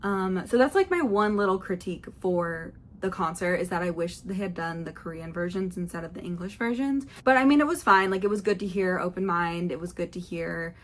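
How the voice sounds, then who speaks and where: A young woman vlogger telling a rambling, excitable story about a concert, full of fillers and quoted asides. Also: fairly low pitch, brisk, hardly any pauses. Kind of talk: chatty concert recap vlog.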